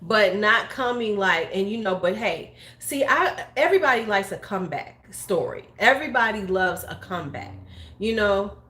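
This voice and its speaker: A woman's voice: medium pitch, expressive, moderate pace, fairly bright tone. A woman in her forties, a beauty YouTuber, talking bluntly and profanely in casual opinion chat. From United States. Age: 40s. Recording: roomy echo.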